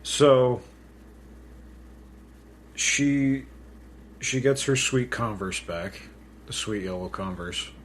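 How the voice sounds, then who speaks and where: A man with a mid-range voice draws out his words and pauses often while co-hosting a relaxed home podcast about a movie. He jokes and puts himself down, speaking into a pink studio mic with slight background noise.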